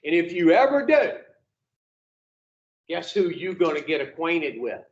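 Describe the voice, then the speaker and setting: Man, high-pitched, recovery group speaker, profane, rhetorical questions, muffled lo-fi sound. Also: very animated, a little slow, slight background noise. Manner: profane, plain-spoken, fires rhetorical questions at the room. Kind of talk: blunt motivational talk to a group.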